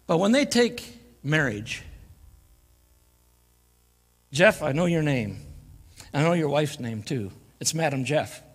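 A man delivers a folksy sermon, jokes and laughter mixed in with his scripture reading. His voice sits a little high for a man. The church live stream carries a long reverb from the sanctuary. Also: husky. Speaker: guest preacher.

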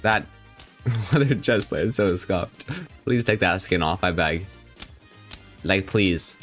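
A man's voice: deep voice, slow pace, fairly bright tone, soft background music. Chatty young male game streamer. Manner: chatty, joking, reads and answers viewer chat. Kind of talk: casual live-stream chat.

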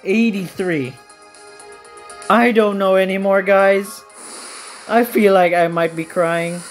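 A woman hosting a gaming channel, giving casual, melodramatic commentary on her game summons, self-pitying with sudden shrill outbursts. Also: slow, soft background music.

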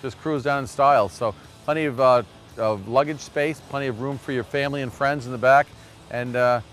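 A man's voice: medium pitch, steady tone, fairly quick, fairly bright tone, faint music behind. A man hosting a local TV car-sales show at a dealership, chatty and folksy, with many fillers.

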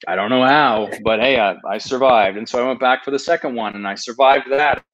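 A man in his thirties tells his own story on a podcast, earnest and self-deprecating, often restarting his sentences. His voice sits at an ordinary middle pitch for a man. The recording sounds slightly dull and lo-fi. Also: brisk, a bit bright. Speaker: podcast guest, travel video maker. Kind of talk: casual storytelling interview. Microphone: podcast microphone.

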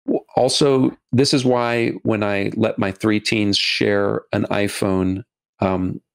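A middle-aged man, a documentary filmmaker as a podcast guest, talking earnestly and haltingly, often restarting and repeating words. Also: fairly low pitch, fairly even intonation, vocal fry. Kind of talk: podcast interview.

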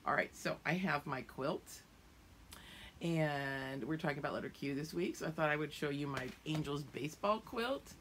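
A middle-aged woman, a preschool teacher at home, reading a picture book aloud to small children in a gentle, singsong way. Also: deep voice, normal speed, a little hiss or hum. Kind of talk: children's storybook read-aloud.

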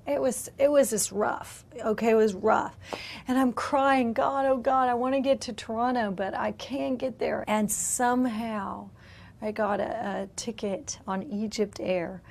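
A woman's voice: on the high side, a little mellow. Emotional woman giving a testimony. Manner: emotional, drops into whispers at tender moments. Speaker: missionary.

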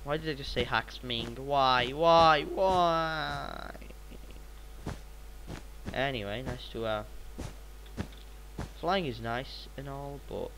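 A teenage boy, sounding a little sick, narrating his gameplay in a rambling, excitable way with sudden bursts of repeated exclamations. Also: mid-range voice, noisy background. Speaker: gaming channel host. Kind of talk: gameplay commentary.

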